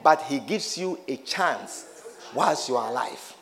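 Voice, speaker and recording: A man's voice: mid-range voice, lively intonation, a little slow, fairly bright tone. A man preaching a sermon, calling out to his congregation with questions and playful teasing.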